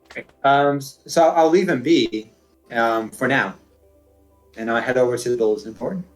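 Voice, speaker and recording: A man's voice: medium pitch, moderate pace, soft background music, rough recording. Chatty male tabletop player. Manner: chatty, hesitant. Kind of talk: tabletop game play.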